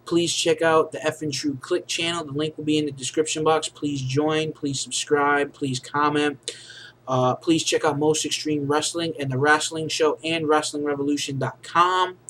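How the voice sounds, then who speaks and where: Rambling male wrestling reviewer, higher voice. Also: fairly bright tone, a little hiss or hum, rough recording. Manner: rambling, heavy on fillers like "you know" and "basically". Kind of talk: casual recap review.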